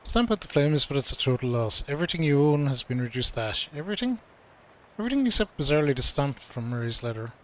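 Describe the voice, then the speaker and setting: A man's voice: mid-range voice, sing-song, fast, hardly any pauses, a bit bright. A man streaming a game, reading its dialogue aloud in a casual, playful way with mock old-fashioned delivery. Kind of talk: let's play commentary, reading game text aloud.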